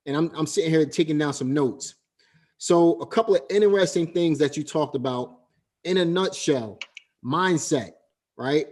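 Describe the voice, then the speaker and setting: A man's voice: fairly high pitch, darkish tone. Man host summing up lessons. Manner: recaps points for viewers, asks "right?". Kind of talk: interview commentary.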